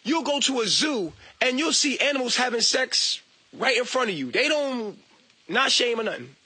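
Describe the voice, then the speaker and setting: Guy ranting, cussing, mocking, high bright voice. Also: normal speed, husky, no room sound. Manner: profane, animated, mocking, laughs at himself. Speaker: online talker. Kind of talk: casual rant.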